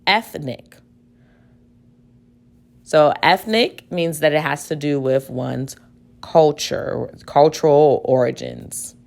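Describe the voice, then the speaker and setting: A woman teacher giving a spelling dictation lesson, speaking deliberately, repeating each word and spelling it out letter by letter. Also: deep voice, vocal fry, a little mellow.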